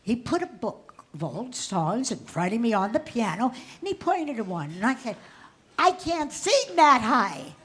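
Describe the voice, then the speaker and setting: A woman in her nineties from Boston telling comic stories of her life on a cabaret stage in a slow, deliberate, wry delivery. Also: fairly high pitch, big pitch swings, darkish tone, husky. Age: 90s. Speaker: comedian. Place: live stage at a cabaret venue.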